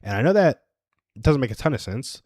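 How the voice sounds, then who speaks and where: A man's voice: medium pitch, big pitch swings, brisk, darkish tone, no echo, studio quality. A man in his twenties hosting a casual solo livestream. He rambles and chuckles at his own stories. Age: 20s. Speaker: livestream host.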